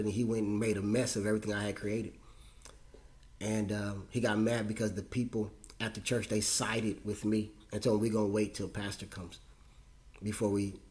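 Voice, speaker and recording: A man in his forties, a pastor hosting his own show, telling a personal story with feeling and frequent repetitions, his voice jumping high when moved. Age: 40s. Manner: emotional, repeats himself, voice rises high when moved.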